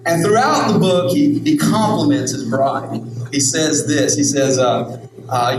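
A man's voice: on the high side, animated, unhurried. Echoey preaching man, emphatic. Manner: repetitive, emphatic, rhetorical questions. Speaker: pastor. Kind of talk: sermon. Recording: echoey hall, distant mic, music.

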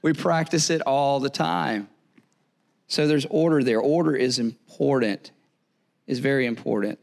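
A man's voice: medium pitch, steady tone, a little slow, gravelly, a little mellow. A man preaching a sermon in a conversational, joking way, often repeating words and checking in with "right?". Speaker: pastor.

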